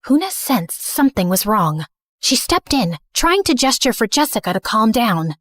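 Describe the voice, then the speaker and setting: A woman narrating in first person as a remorseful, misunderstood teenage girl, earnest and soft. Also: on the high side, big pitch swings, moderate pace, no room sound. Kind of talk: scripted story narration.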